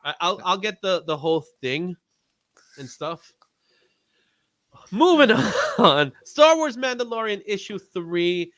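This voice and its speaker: A man hosting a casual livestream chat about comics, animated and often laughing. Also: high voice, slow pace, long pauses. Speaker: host.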